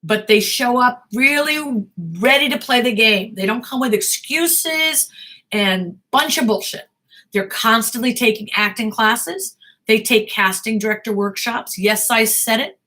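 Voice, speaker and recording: A woman's voice: a little high, moderate pace, sharp tone. An American woman, a talent manager and acting coach, giving blunt, emphatic advice to actors in a live Q&A talk.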